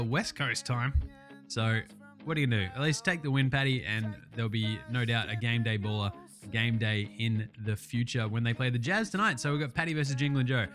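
A young Australian man with a medium-pitched, pushed and bright voice hosts a casual basketball recap podcast. He reels off stats between jokes, swears freely, and is enthusiastic and full of fillers.

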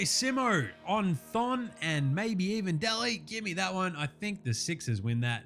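A man with an Australian accent hosting a basketball podcast, talking in a relaxed, sweary, laid-back way. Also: on the high side, moderate pace, faint music behind. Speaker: podcast host. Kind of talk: casual podcast chat.

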